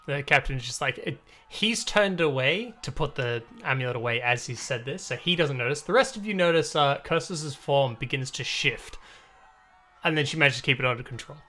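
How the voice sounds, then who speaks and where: Guy game-mastering a tabletop game, bright crisp voice, chatty and loose, lots of uh and um. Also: medium pitch, lively intonation, moderate pace. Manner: loose, chatty narration with frequent fillers.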